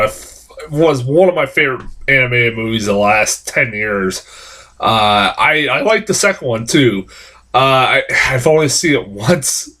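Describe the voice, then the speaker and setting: A man with a blocked nose talks through a casual movie review, loose and rambling. He swears constantly and leans on fillers, his voice jumping up when something gets to him. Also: mid-range voice. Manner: rambling, profane, animated, with frequent fillers. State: stuffed-up nose from a cold. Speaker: film reviewer. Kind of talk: casual spoken film review.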